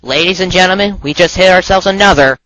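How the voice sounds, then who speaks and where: A man's voice: sits high, fast, very noisy. A man doing a rebuttal commentary on a game review, exasperated and lecturing.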